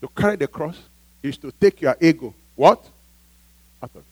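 A man's voice: fairly high pitch, expressive, moderate pace, mellow, slightly rough, dry recording, poor audio. A male pastor preaching a sermon emphatically, often asking the congregation to fill in a word.

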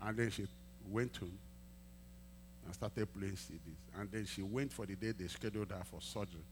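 A male pastor preaching a sermon, telling a testimony and acting out the dialogue, swinging from quiet asides to loud emphatic peaks. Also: on the low side, normal speed, background noise. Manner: acts out quoted dialogue in storytelling.

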